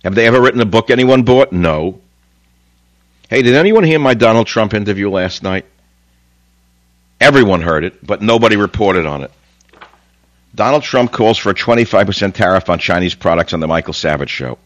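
A man's voice: expressive, brisk, pauses often, no room sound. An older man hosting a talk radio show, delivering a combative, mocking monologue. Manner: combative, mocking, sweeping pitch jumps.

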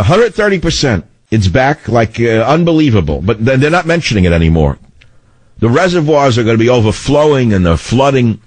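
A middle-aged man with a baritone voice, hosting a talk radio show in a combative, rambling way. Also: a little mellow, husky, no room sound. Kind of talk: opinionated talk radio monologue. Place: radio studio. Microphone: studio microphone.

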